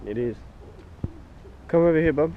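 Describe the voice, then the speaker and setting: A man's voice: on the high side, expressive, narrow, tinny audio. A man filming a casual travel vlog while walking around town, teasing and laughing with his partner. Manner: playful, teasing, quick to laugh. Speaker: vlogger. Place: outdoors walking through a town. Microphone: handheld action camera. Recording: noisy street audio.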